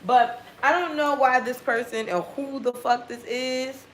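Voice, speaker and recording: A woman giving a casual tarot reading in a blunt, profane, animated way. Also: sits high, measured pace, echoey room, low-quality recording. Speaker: tarot reader.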